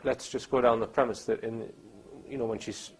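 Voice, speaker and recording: A man with a mid-pitched, husky voice. He hosts the talk, mostly adding short prompts and asking pointed follow-up questions. The conversation is casual. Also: fairly even intonation, moderate pace, rough recording. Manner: brief prompts and probing questions. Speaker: host. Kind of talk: casual interview.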